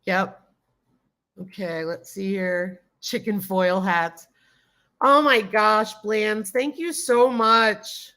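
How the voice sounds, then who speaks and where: Woman hosting a live stream: casual and chatty, reads out the chat, greets viewers warmly, mid-pitched voice. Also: steady tone, slow pace. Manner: gushing and grateful toward viewers. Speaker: livestream host.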